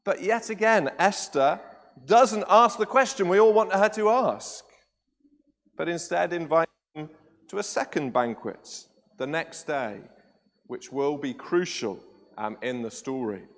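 Animated high-voiced preacher. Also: male voice, measured pace. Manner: animated storytelling with tag questions. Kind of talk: sermon. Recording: echoey church hall with long reverb.

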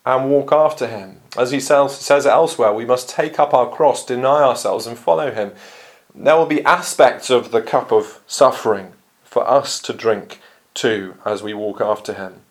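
Preacher, male, mid-pitched, earnest and measured sermon delivery, some hesitations. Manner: measured, earnest preaching with frequent ums and uhs.

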